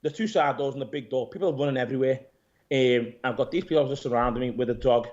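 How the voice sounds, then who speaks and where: A man, an interview guest who owns a gym, retelling events in a rambling, animated way, swearing and calling people "mate". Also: medium pitch, fast. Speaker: interview guest, gym owner and pro bodybuilder. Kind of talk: casual storytelling interview. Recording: dull lo-fi audio.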